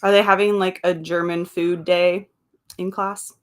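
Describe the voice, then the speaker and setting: A woman's voice: fairly low pitch, little pitch movement, a little slow. Woman chatting on a live stream, reads out comments, laughs a lot, wanders off into little side stories. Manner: chatty, laughs often, trails off into asides. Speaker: livestream host. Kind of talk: casual chat reading viewer comments aloud.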